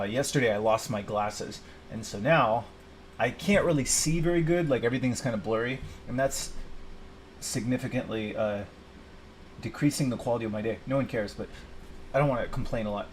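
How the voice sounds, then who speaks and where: A man's voice: medium pitch, a little hiss or hum. A man venting in a rambling personal video, frustrated and swearing, talking to himself. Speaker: vlogger.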